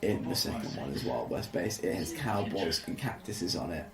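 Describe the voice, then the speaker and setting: A man's voice: low voice, moderate pace, gravelly, echoey room, over loud music. A man who is a guest on a podcast, chatting casually and arguing playfully while watching a film. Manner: animated, argumentative, jokey.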